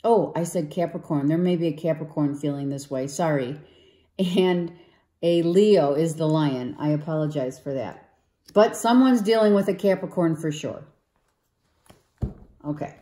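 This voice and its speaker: A woman reads tarot cards in a slow, unhurried monologue. Her voice is low and mellow and a little hoarse, as if she is losing it. The room around her is echoey. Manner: slow, coaxing, often asks okay and right. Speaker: tarot reader. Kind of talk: spiritual tarot reading monologue.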